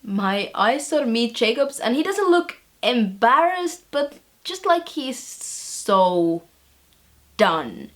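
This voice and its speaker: A woman's voice: fairly high pitch, very animated, slow. A young woman playing a wry teen vlogger. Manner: wry, chatty storytelling with fillers. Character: chatty teenage girl tutor, wry and bemused. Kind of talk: scripted vlog-style monologue.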